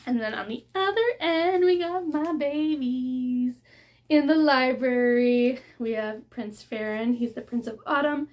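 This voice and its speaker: A woman vlogging a casual book haul unboxing, gushing and excitable as she shows off her books. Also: sits high, measured pace. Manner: gushing and excitable, with gasps of delight.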